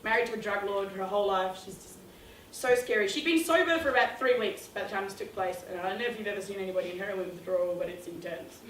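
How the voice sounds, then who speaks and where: Animated woman storyteller in a roomy hall. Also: mid-range voice, fast, slight background noise. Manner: animated, self-mocking, acts out quotes with big jumps in voice. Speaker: youth ministry speaker. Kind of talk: storytelling talk to youth audience. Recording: roomy hall sound from a distance.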